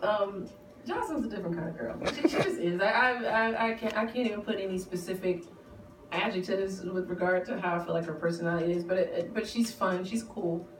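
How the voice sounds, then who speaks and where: A woman on a reality show chatting in a casual interview, telling animated stories with lots of laughter. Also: on the low side, fairly quick. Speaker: reality TV cast member, guest. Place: outdoors on the street. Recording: echoey, distant mic with street noise.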